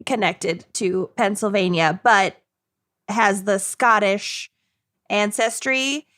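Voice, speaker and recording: A woman's voice: medium pitch, slow, fairly bright tone. A woman co-hosting a casual podcast, chatting and telling anecdotes about how her family pronounces words. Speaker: podcast co-host. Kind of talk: casual chat.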